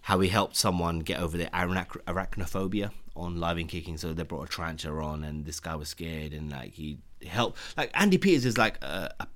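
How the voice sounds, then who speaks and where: A young man with a London accent, co-hosting a podcast and telling stories in lively, slangy chat. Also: deep voice, brisk, few pauses. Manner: animated storytelling with London slang. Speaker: podcast co-host. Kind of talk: casual banter.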